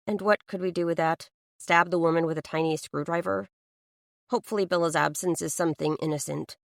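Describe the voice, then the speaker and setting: A woman's voice: lowish voice, dry recording, studio quality. A woman narrating a first-person audiobook thriller, reading an anxious inner monologue in an earnest way.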